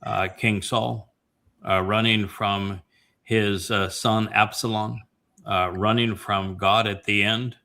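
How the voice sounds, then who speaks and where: A low-pitched man with a forceful, bright edge hosts a family Bible-study show. He retells scripture with passion and leans on frequent "uh" pauses as he builds his points. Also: flat delivery, gravelly. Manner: impassioned, retelling scripture with many filler pauses. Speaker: host.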